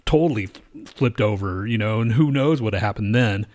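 A man's voice: fairly low pitch, moderate pace, a little mellow. A man telling a story in casual chat, rambling and swearing, with many restarts and fillers.

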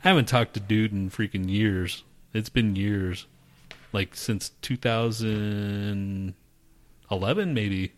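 A man's voice: fairly low pitch, slow. A man with a Texan accent co-hosting a casual podcast, telling a rambling story full of swearing. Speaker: podcast co-host. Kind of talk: casual crude podcast banter.

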